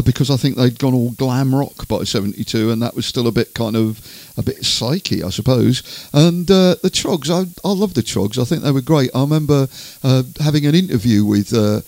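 A man's voice: medium pitch, gravelly, a little mellow, no room sound. An older English man presenting a radio show, telling rambling anecdotes between records with chuckles.

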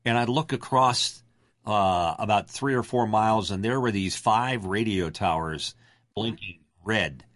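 Older guy, old-school radio announcer voice, deep and resonant, lots of uhs, dry close sound. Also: unhurried, fairly bright tone, dry recording. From Delaware, USA. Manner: deep resonant radio-announcer delivery, rambling with many fillers. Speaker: interview guest, radio announcer and voiceover artist. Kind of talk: casual interview.

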